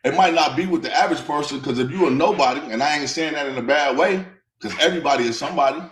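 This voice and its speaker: A man in his thirties talks bluntly and defiantly, streetwise and unbowed, in a slightly high voice. The room around him echoes. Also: fast talker. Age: 30s. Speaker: interviewee. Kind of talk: casual interview talk.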